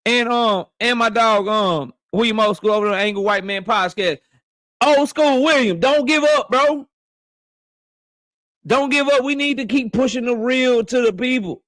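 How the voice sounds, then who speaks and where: Guy with a high voice running a live stream, slangy shout-outs, aave, dry close mic. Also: measured pace, dry recording. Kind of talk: casual live stream chat.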